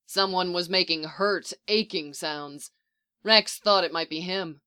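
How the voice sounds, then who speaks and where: A narrator reading a story aloud in an even, measured way. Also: mid-range voice, clear, resonant tone. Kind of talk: audiobook reading of fan fiction.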